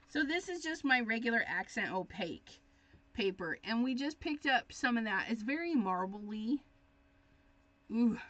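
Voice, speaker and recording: A woman hosting a crafting tutorial, chatting casually and thinking aloud, easily excited as she works. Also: fairly high pitch, measured pace, muffled recording. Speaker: craft demonstrator. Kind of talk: live crafting tutorial chat.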